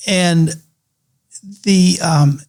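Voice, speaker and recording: A man, an attorney guest on a podcast, telling a story in a lively, conversational way with fillers. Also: sits high, extremely slow, creaky. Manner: animated storyteller with laughs and fillers.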